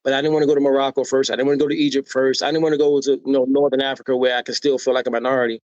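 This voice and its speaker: A man's voice: medium pitch, very fast, dry recording. An American man telling personal stories as a podcast guest. He has a mid-range voice and acts out the people in his stories, often checking in with "right?". The sound is dry and a little dull, like a modest lo-fi recording. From United States. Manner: animated storyteller who acts out quoted voices and often adds "right?". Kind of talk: personal storytelling in a podcast interview.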